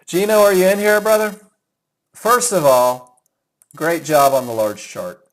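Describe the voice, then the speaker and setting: A man's voice: on the high side, measured pace, poor audio. A middle-aged man teaching a live trading webinar, chatty and enthusiastic, calling students by name as he reviews their trades. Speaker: trading instructor.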